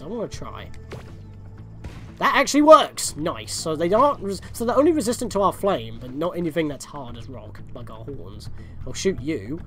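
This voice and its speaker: Chatty young man narrating gameplay. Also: mid-range voice. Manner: rambling, chatty, self-correcting. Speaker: video game walkthrough host. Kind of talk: casual gameplay commentary. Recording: game music faintly behind.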